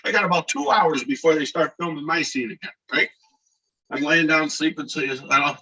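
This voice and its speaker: A middle-aged man from Scranton, a guest telling animated stories about his days as an actor, acting out the lines of the people in them. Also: fairly high pitch, normal speed, husky. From Scranton, Pennsylvania, USA. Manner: animated storyteller who acts out shouted quotes. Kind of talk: casual interview storytelling. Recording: voice a bit far from the mic.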